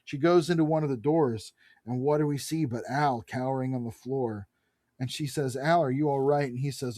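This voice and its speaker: A man co-hosting a podcast, recapping a comic book in a casual, animated way, reading characters' lines aloud and swearing freely. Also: medium pitch, moderate pace, no room sound, studio quality. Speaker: podcast co-host.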